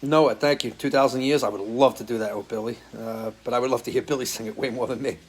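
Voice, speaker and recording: A man's voice: medium pitch, steady tone, fast, husky. A man hosting a live stream as a musician, chatting casually and answering viewer comments, loose and swearing freely. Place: home, living in Florida.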